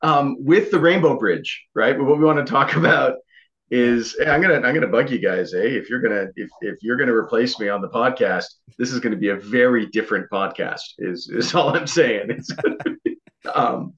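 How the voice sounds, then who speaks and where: A man from Canada, co-hosting a podcast in animated, casual chat that is peppered with swearing and "right?". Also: mid-range voice, moderate pace. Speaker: podcast co-host. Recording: dull lo-fi sound.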